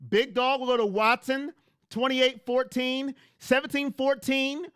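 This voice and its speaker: Bright high-voiced man streaming to chat. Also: little pitch movement, unhurried, clear, resonant tone, no echo, studio quality. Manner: emphatic, repetitive, talks straight to chat. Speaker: fan livestream host. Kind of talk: casual livestream chat. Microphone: headset.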